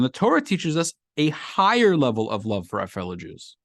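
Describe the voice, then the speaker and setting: Lively male rabbi teaching a class. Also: mid-range voice, moderate pace, vocal fry, no room sound, clean studio sound. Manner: animated, acts out everyday scenarios for the class. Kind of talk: conversational class lecture. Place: classroom with a live group.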